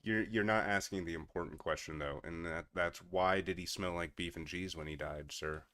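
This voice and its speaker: A man's voice: low voice, steady tone, normal speed, bright, forceful tone, slight background noise. A man streaming casual reaction commentary, incredulous and often laughing in disbelief.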